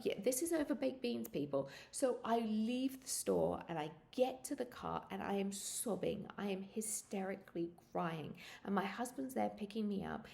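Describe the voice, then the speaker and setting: A woman in her thirties casually telling animated stories, laughing and jumping into high squeals when she acts out what people said. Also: normal speed, creaky, hardly any pauses. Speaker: vlogger sharing pregnancy experiences. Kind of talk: casual storytelling.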